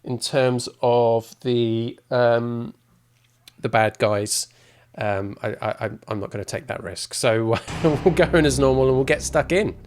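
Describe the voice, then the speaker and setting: A man's voice: mid-range voice, measured pace, a little mellow, smooth. A man giving casual, rambling gameplay commentary as a streamer, with self-mocking asides. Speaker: game streamer.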